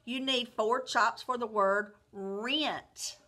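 Woman, teacher, phonics lesson, very slow, encouraging, crisp bright tone. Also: on the high side, steady tone. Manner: clear, encouraging, drawn-out word modeling with praise. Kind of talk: slow, deliberate phonics lesson for young children.

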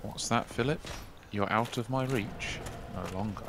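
A man's voice: fairly low pitch, measured pace, background noise. A man chatting and teasing his friends casually while playing a co-op game over a headset. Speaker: co-op player. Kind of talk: casual co-op gaming chat.

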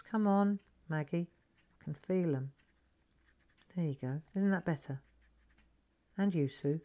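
A middle-aged woman hosting a live craft lesson, chatting gently and coaxing viewers to relax as she demonstrates. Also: fairly low pitch, measured pace, long pauses.

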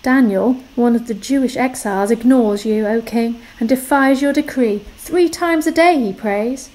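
Woman voicing flattering scheming courtiers, insistent, fairly high. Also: normal speed, lightly acted, rough recording. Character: scheming male royal officials, flattering.

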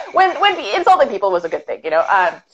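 A woman's voice: a little high, wildly swooping pitch, moderate pace, crowd noise, rough recording. A woman in her late twenties, a guest trading playful jokes in casual chat over a video call. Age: late 20s. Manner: playful, jokey.

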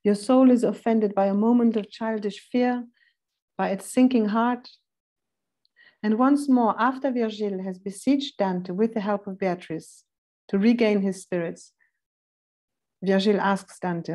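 Mellow-voiced woman leading a seminar. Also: mid-range voice. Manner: thoughtful, pauses to look up verse numbers; reads quoted passages slowly and deliberately. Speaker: seminar instructor. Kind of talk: philosophy seminar lecture.

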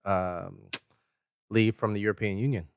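A man's voice: lowish voice, steady tone, moderate pace, clear, resonant tone, no room sound, clean studio sound. An American man co-hosting a podcast, explaining things earnestly in a casual chat, often hedging. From United States. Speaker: podcast co-host.

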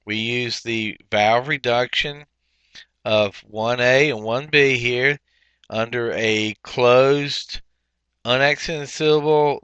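A man's voice: medium pitch, a bit bright, clear, resonant tone, no room sound, dull audio. A man teaching a language workbook lesson, explaining step by step with frequent fillers. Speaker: Hebrew teacher.

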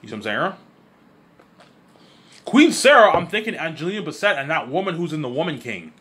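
A man rambles at speed in a lively, sing-song voice that sits a little high for a man. He repeats himself, trips over words and swears freely as he gets carried away. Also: a little fast. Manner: excitable, repetitive, swears freely; stumbles and restarts often. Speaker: vlogger. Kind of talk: casual rambling monologue.

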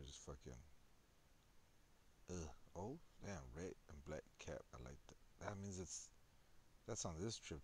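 Very deep-voiced laid-back tattoo artist. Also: male voice, a little mellow, a little hiss or hum. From El Paso, Texas. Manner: rambling and laid-back, with slang and profanity. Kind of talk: casual narration over photos.

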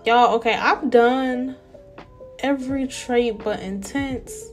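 A young woman giving casual, animated let's-play commentary and talking straight to her viewers. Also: fairly high pitch, a little slow, soft background music. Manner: chatty, animated, talks to viewers as y'all. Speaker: gameplay narrator.

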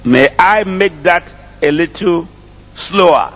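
A man's voice: high-pitched, expressive, measured pace, pauses often, fairly bright tone, slightly rough, in a large hall. A middle-aged man with a Nigerian accent, preaching a sermon, drawing calls and responses from the congregation and repeating his phrases. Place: church congregation.

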